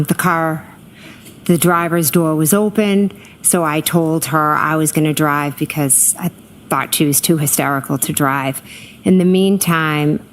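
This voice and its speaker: A middle-aged woman testifying as a witness in court, hesitant and filling pauses with ums, answering briefly. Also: low-pitched, slight background noise. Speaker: trial witness.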